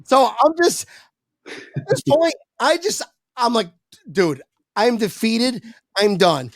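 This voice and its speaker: A man telling a long anecdote as a podcast guest, lively and profane, acting out the voices of people in it. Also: extremely high pitch, slow pace, no echo. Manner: animated, swearing, acts out quoted voices. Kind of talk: casual storytelling on a podcast.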